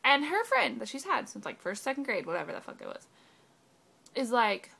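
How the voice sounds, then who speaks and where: A woman's voice: on the high side, big pitch swings, normal speed, vocal fry, sharp tone, slightly rough. A teenage girl ranting sarcastically into her phone camera, swearing a lot and saying "like" constantly. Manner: sarcastic, profane, valley-girl filler "like". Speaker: vlogger. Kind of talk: ranting webcam vlog.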